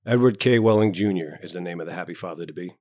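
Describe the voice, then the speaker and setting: A worn-down, red-eyed father whose words come out taut and sulky, heavy with hollow sarcasm, voiced by a male reader. The low voice sits close and dry. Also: quick pace, a little mellow, dry recording. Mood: bitter.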